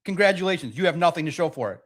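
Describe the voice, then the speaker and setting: A man with a notably high voice hosts a sports podcast. He rants with heat and hammers each point, repeating words and mocking the other side. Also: expressive, rapid-fire. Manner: emphatic, repetitive, mocking. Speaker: podcast host. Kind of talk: heated sports podcast rant.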